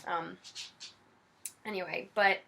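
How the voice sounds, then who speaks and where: A woman's voice: fairly low pitch, fairly even intonation, slow, gravelly, sharp tone. A young woman in her twenties chatting casually to camera, gushing and teary, with lots of fillers. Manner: emotional, gushing, many fillers. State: teary-eyed. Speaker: vlogger.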